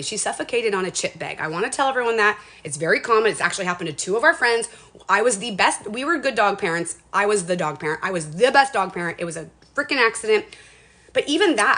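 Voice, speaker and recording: A woman's voice: mid-range voice, a bit bright. Earnest, emotional woman livestreaming. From Washington State. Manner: emotional, earnest, rambling with restarts. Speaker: lifestyle livestreamer. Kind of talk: casual motivational livestream talk.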